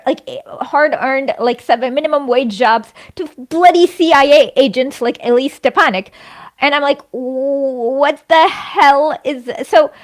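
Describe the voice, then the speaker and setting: Woman, high voice, quick animated talk, lots of fillers, casual political chat. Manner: fast, animated, many fillers and restarts.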